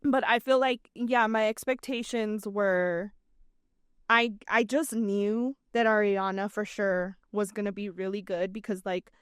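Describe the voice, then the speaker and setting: A woman co-hosting a podcast in casual chat, talkative and animated with quick asides. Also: medium pitch, smooth, no room sound, clean studio sound. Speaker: podcast co-host.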